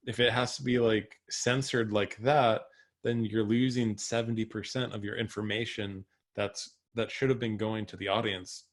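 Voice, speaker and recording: Male podcast guest, lower pitch, hesitant and halting. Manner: hesitant, many fillers and restarts, trails off. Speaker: podcast co-host, comedian. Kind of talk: casual podcast chat.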